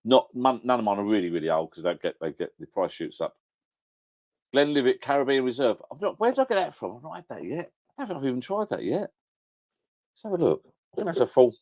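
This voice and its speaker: A middle-aged man chatting casually on a live stream, rambling and correcting himself. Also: medium pitch. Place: at home by a whiskey shelf. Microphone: camera on a home setup.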